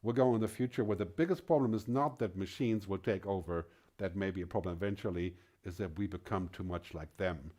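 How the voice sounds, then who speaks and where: Low, mellow-voiced male keynote speaker. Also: fairly quick, few pauses. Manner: emphatic, rhetorical questions, frequent tag "right?". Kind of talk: conference keynote speech.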